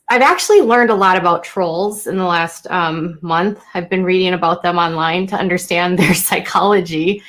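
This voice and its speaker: Soft-spoken woman rambling on a live stream. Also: fairly low pitch. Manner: halting and emotional, many fillers and restarts. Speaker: YouTuber live-streaming to viewers. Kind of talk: unscripted live-stream talk to chat.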